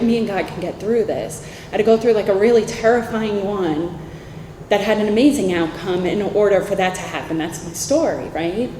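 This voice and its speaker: A woman in her thirties with a New York accent, telling her personal recovery story candidly at a convention, in animated talk full of "like" and "right?". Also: mid-range voice, slight background noise. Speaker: recovery meeting speaker. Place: convention hall. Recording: echoey hall with faint ambience.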